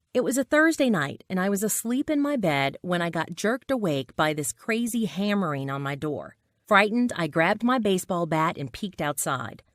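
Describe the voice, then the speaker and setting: A woman narrating a scripted personal story with dramatic flair. Her pitch moves a great deal, sitting in the middle for a woman, and the close recording is dry. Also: no room sound.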